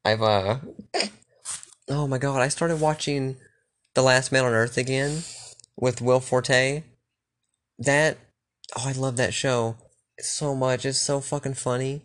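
A man's voice: medium pitch, steady tone, slow pace, long pauses, fairly bright tone. A young man chatting casually and rambling, swearing freely and restarting his sentences often. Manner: loose, profane, rambling with restarts.

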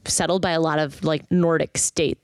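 A young woman from Milwaukee chats casually with friends in a lowish voice. She tells animated stories and acts out the lines of other people. The recording is dry and close. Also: moderate pace, smooth, no echo. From Milwaukee, Wisconsin. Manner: animated storyteller, acts out quoted dialogue. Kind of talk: casual chat.

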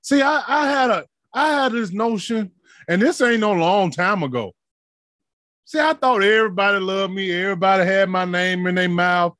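High-voiced impassioned male preacher. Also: normal speed, no echo. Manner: impassioned, rhythmic preaching with shouted peaks and asides. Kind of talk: sermon.

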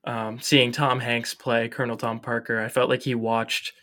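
Young male co-host, bright edgy voice, animated and jokey, casual chat. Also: mid-range voice, normal speed. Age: young adult. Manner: animated, joking, lots of fillers. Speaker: podcast co-host. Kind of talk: casual film review chat.

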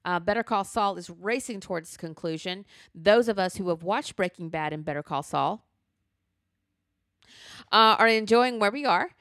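A woman's voice: mid-range voice, moderate pace, dry recording, studio quality. A woman co-hosting a podcast, ranting with profanity in casual chat. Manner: animated, profane ranting storyteller. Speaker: podcast co-host.

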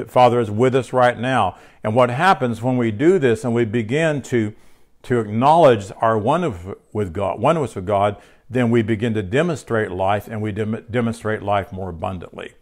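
A man teaching a spiritual lesson from his home, speaking conversationally with fillers and restarts, and sounding tired. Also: mid-range voice. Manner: conversational, with fillers and self-corrections. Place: home room.

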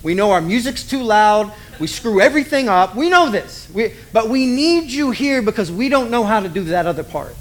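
A man preaching a sermon, animated and self-deprecating, acting out the voices he quotes. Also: high-pitched. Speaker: pastor.

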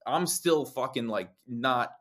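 Animated young man telling band stories. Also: medium pitch, slow pace. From New Jersey. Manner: animated storyteller, swears a lot, acts out quotes. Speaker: lead singer, guest. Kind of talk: casual interview chat.

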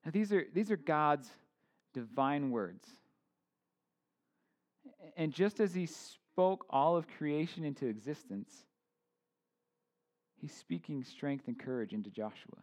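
A man's voice: fairly high pitch, lively intonation, slow, pauses often. A man in his thirties preaching a casual sermon, informal, with joking asides and many fillers and restarts. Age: 30s. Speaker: pastor.

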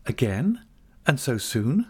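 A man voicing a gentle, cheerful young woman in an audiobook reading. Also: mid-range voice, sing-song, takes it slowly, husky, pitched above the performer's own voice, exaggerated voice. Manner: soft, cheerful.

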